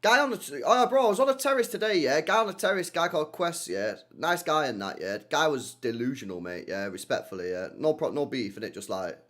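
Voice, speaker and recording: A man's voice: a little high, fairly quick, hardly any pauses. A young man chats casually on a livestream, answering viewer comments in slangy speech full of tag questions. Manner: animated, slangy, repeats himself with many tag questions. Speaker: streamer hosting a football watchalong.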